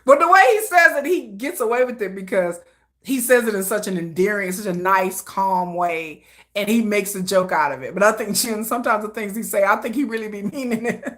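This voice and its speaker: A woman's voice: medium pitch, fairly quick. A woman hosting a casual livestream chat, talking in a slangy, conversational way and laughing often between her thoughts. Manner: chatty, laughs often, animated asides. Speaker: livestream host.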